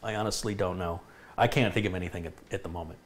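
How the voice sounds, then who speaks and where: A male tech host chats with his live audience in a relaxed, enthusiastic way. His voice sits on the low side, casual and talkative. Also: fast. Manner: chatty, enthusiastic, reads viewer comments aloud. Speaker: tech YouTuber hosting a live stream. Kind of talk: casual live stream chat.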